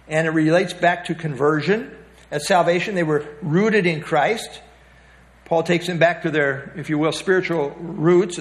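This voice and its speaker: A man giving an expository Bible lesson, reading from printed notes and stopping often to direct listeners to the page. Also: a little high. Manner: reads from notes with frequent fillers and restarts, pointing to the page. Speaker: Bible teacher.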